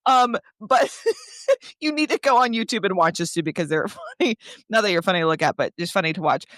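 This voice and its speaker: A woman's voice: mid-range voice, animated, fairly quick, fairly bright tone, dry recording, clean studio sound. A woman hosting a casual video-call interview, giggling between phrases, her voice worn from laughing. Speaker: host.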